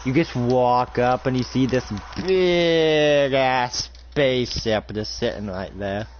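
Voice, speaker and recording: A man's voice: mid-range voice, takes it slowly, dull audio, a little hiss or hum. A young man running a casual role-play as game master, narrating in a rambling way full of fillers.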